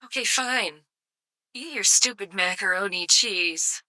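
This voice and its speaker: A woman's voice: mid-range voice, unhurried, bright, forceful tone, no room sound. A woman live-streaming casual commentary, sarcastic and swearing freely with mock outrage.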